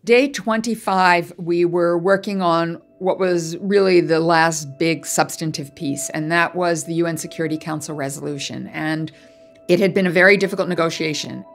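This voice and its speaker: A woman's voice: on the low side, moderate pace, soft background music. A woman diplomat interviewed for a podcast, recounting a negotiation in a candid, reflective way. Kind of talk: personal recollection in interview.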